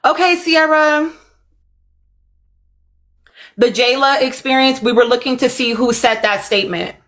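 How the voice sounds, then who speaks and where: Chatty woman streamer, slightly high voice. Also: a little fast, a bit bright. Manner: chatty and apologetic, talks to viewers while searching clips. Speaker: livestream host reacting to a reality show. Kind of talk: casual live reaction chat.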